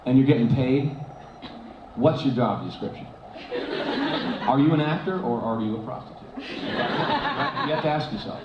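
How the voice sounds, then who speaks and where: A man chatting on a convention stage, laughing and restarting his sentences as he tells stories. his mid-pitched voice is picked up by a handheld mic and sounds dull and lo-fi. the hall is roomy and the noisy crowd is clearly heard behind him. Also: moderate pace, pauses often. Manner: animated, laughing storyteller with many restarts. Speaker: convention panel guest. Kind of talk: casual stage Q&A storytelling. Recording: echoey hall, dull, noisy fan recording.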